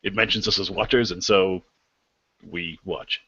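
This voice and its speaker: A man voicing a grave male guardian of an ancient maze people, speaking slowly and formally. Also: low-pitched, fairly even intonation, pushed and bright, husky, dull audio, exaggerated voice. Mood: solemn.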